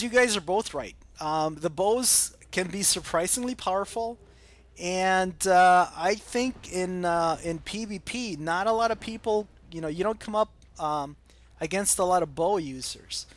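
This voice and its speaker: An American man hosting a gaming channel, chatting casually through viewer comments and pausing often with ums and uhs. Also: a little high. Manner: hesitant, many ums and uhs.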